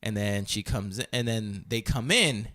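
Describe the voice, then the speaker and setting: A man's voice: fairly low pitch, normal speed, dry recording, studio quality. A man casually telling a story on a podcast, acting out quotes and filling his talk with "like" and "you know". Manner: animated storytelling, acting out quotes in many voices; heavy use of filler "like" and "you know". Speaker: podcast co-host. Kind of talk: casual chat.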